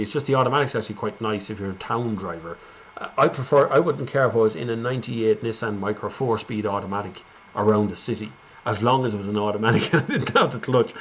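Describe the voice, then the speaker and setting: A man's voice: fairly low pitch, quick pace, a little hiss or hum. An Irish man hosting a live stream, chatting casually and rambling as he reads out viewer comments.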